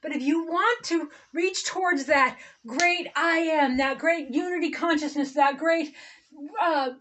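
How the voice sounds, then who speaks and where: Woman, high voice, rambling spiritual monologue to camera, blunt and profane. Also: measured pace, a bit bright. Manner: rambling, blunt, swearing, acts out quoted people. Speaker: spiritual vlogger.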